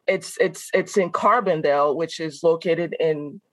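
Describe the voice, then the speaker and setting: A woman from Benin, a guest on an interview podcast, chatting casually and telling animated stories with frequent laughs. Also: low-pitched, unhurried, no room sound, poor audio. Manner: animated, laughs often, acts out quoted voices. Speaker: guest, food content creator. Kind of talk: casual conversational storytelling.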